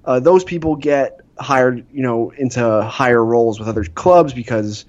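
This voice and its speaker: A man's voice: medium pitch, moderate pace, darkish tone, highs cut off. A man co-hosting a podcast, chatting about baseball in an easygoing, hesitant way with many uhs. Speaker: podcast co-host. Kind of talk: casual baseball chat.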